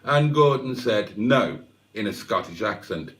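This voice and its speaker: This man's voice is on the low side, fairly bright in tone, animated and unhurried, picked up by a distant mic. Hosting a casual livestream, he spins a wry, meandering tale with self-deprecating asides.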